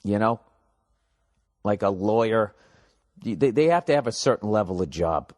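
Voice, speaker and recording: A man's voice: lowish voice, lively intonation, moderate pace, darkish tone. A man hosting a comedy podcast, rambling profanely and mocking listener emails, his voice a little cracked. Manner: profane, sarcastic, reads listener emails aloud. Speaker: podcast host.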